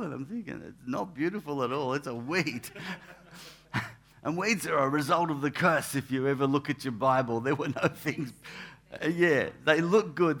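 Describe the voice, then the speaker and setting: A man, a pastor giving a relaxed, anecdotal sermon in church, with asides and restarts. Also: medium pitch. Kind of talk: conversational sermon.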